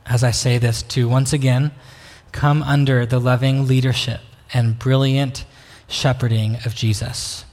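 A man preaching a sermon as pastor, slow and reflective, pausing to invite listeners in. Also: medium pitch, a little mellow. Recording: long reverb of a hall.

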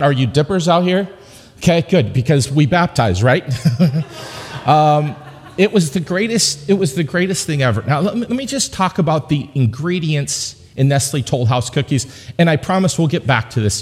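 A pastor with a fairly high-pitched voice preaches in a large hall, a church sanctuary. He talks conversationally and jokes with the congregation, repeating points emphatically to make them land.

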